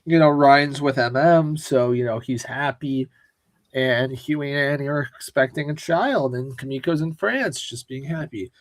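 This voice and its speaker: A man's voice: medium pitch, moderate pace, no echo. A man co-hosting a casual pop-culture podcast, ranting with lots of swearing. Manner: profane and ranting. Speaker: podcast co-host. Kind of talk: casual chat.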